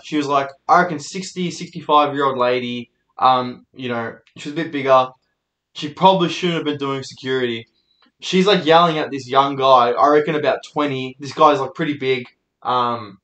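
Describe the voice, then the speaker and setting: A young man hosting his own show, telling loose, laid-back stories with plenty of swearing. His voice sits a bit high for a man. The room around him is noticeably echoey. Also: a bit bright. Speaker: host. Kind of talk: casual storytelling monologue.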